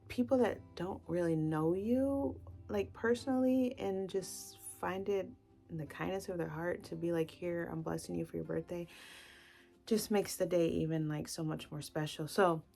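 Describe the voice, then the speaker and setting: A woman's voice: lowish voice, gravelly, darkish tone. A woman book vlogger talking in a casual, gushing way, full of "like" fillers. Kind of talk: casual chatty book talk.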